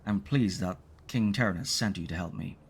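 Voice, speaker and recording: Fatherly paladin, older knight type read by a man, deep voice. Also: moderate pace, breathy edge.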